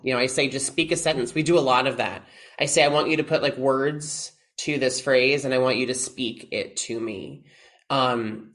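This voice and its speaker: Animated man explaining music teaching. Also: medium pitch. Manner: animated, quotes himself to students, many restarts. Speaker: oboe professor, interview guest. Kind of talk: casual podcast interview.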